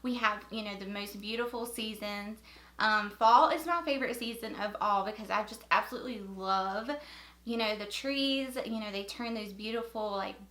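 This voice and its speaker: A beauty vlogger in her thirties from North Carolina chats upbeat through a casual makeup tutorial in a Southern accent, repeating words for emphasis. Her medium-pitched voice is bright and forceful, and the recording is reverberant.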